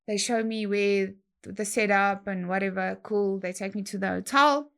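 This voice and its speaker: A young adult woman, telling a story in a slangy, animated way and acting out other people's lines. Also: medium pitch, normal speed, creaky. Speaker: guest DJ. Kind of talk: casual storytelling chat.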